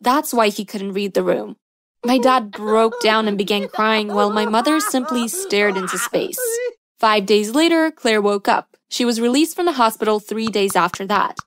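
A woman reading a scripted first-person story with steady storytelling delivery. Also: a little high. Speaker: story narrator.

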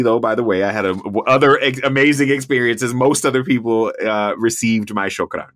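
A man as a podcast guest in casual interview chat, telling animated travel stories and laughing often. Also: medium pitch, a little fast. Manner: animated storyteller, laughs often, mimics voices in quotes.

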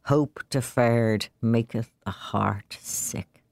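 A woman reading the lines of a drunk, jovial young Irish working man in a short story, loud and boisterous. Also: on the low side, big pitch swings, normal speed, no room sound, studio quality, pitched above the performer's own voice. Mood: glum.

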